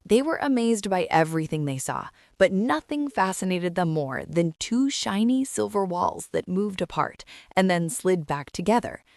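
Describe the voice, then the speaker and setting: Lively woman telling jokes. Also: fairly low pitch, normal speed, gravelly, few pauses, no room sound, clean studio sound. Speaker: joke teller. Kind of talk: scripted joke narration.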